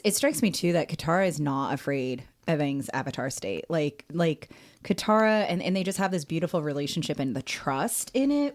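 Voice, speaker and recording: A woman psychologist, a guest on a casual podcast, giving a measured analysis of compassion and connection. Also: low-pitched.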